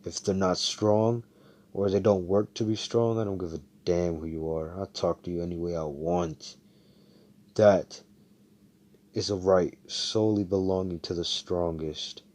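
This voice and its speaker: A man's voice: low-pitched, fairly even intonation, a little slow, a little mellow, pitched below the performer's own voice. A man voicing a brash, cocky young male fighter who talks bluntly and swears. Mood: defiant.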